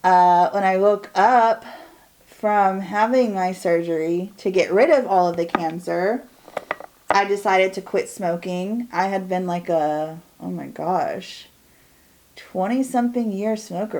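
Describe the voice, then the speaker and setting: A woman in her forties talks through her makeup routine at home in a loose, candid way. She rambles and lets her sentences drift and trail off, like a friend catching up over a mirror. Her pitch sits right in the middle for a woman. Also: darkish tone, slight background noise. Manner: candid, chatty, drawn-out and trailing off. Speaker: beauty vlogger. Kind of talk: chatty get-ready-with-me monologue.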